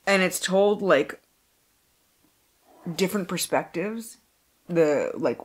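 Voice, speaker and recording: A woman chatting casually about books for a vlog at home, scattered and jumping between thoughts, swearing freely and laughing often. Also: lowish voice. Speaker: book vlogger. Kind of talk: casual book wrap-up chat.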